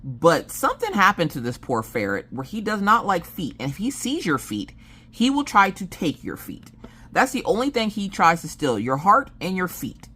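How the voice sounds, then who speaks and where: Low-voiced animated woman storyteller. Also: normal speed, breathy edge. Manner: animated, jokey, acts out family members' lines. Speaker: vlogger telling family stories. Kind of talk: casual storytelling chat.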